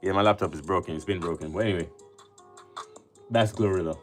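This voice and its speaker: A man's voice: low-pitched, quick pace, soft background music. A man from Jamaica with a Jamaican accent, hosting a casual livestream and chatting with viewers as he reads their comments aloud. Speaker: livestream host.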